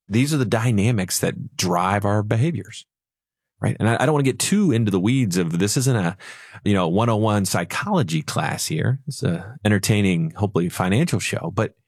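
A man's voice: on the low side, breathy edge, no room sound, clean studio sound. A man co-hosting a retirement finance radio show, telling stories and acting out little voices playfully. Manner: storytelling, acts out voices playfully.

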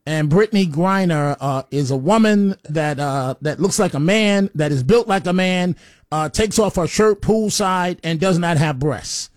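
A man's voice: a little high, measured pace, dry recording, clean studio sound. Blunt, stammering talk radio host man. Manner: blunt, rambling, stammers with repeated words. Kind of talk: opinionated talk radio monologue. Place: radio studio.

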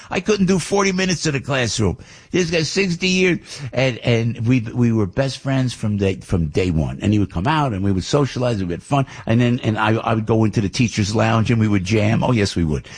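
A man's voice: on the low side, lively intonation, brisk, a little mellow, breathy edge. An older man with a New Jersey accent, hosting a morning radio show and telling a rambling story with many restarts. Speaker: radio host.

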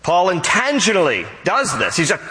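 A male pastor preaching a sermon, animated, acting out the people he quotes. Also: high voice, moderate pace, big-room sound, a little hiss or hum, rough recording.

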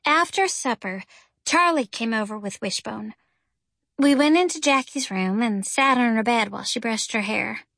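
A female audiobook narrator reads a first-person story with lively, expressive delivery at a moderate pace. Her voice is high and bright yet gravelly, captured in a close, dry recording.

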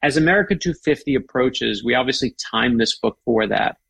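A man's voice: medium pitch, a little fast, vocal fry, slightly rough, dry recording. A middle-aged man, a guest author, chatting with enthusiasm and telling stories. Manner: enthusiastic, animated storyteller. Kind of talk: casual chat.

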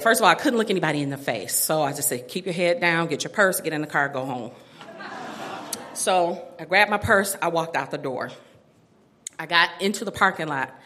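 A middle-aged woman telling a personal story to an audience, animated and self-mocking, laughing often. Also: sits low.

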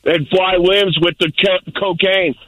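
A man's voice: high-pitched, steady tone, unhurried, no echo, narrow, tinny audio. An older man calling in to a radio show, telling a rambling, boisterous story. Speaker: caller. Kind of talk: call-in radio chat.

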